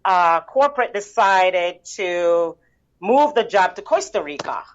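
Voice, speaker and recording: A woman from the Caribbean tells her story as an interview guest. She talks in an animated way, with lots of "you know"s and laughter. The recording sounds muffled and lo-fi. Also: lowish voice, slow. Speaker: guest, bookkeeping business owner.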